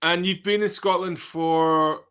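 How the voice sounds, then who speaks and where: A man's voice: high-pitched, steady tone, unhurried, fairly bright tone, clear, resonant tone. A British man hosting a casual podcast interview, chatty and storytelling, with rambling questions. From Britain. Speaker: podcast host, drummer.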